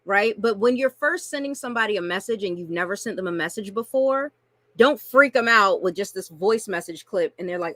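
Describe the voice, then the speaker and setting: A woman's voice: mid-range voice, animated, normal speed, fairly bright tone, dry recording. A woman coaching online marketers through a screen-share tutorial, chatty and casual, often checking in with "right?" and "okay?".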